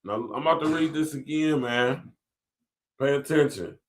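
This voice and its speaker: A man's voice: fairly high pitch, moderate pace. Emphatic man hosting a commentary podcast. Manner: emphatic, repetitive, reads passages aloud then riffs with slang. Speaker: podcast host.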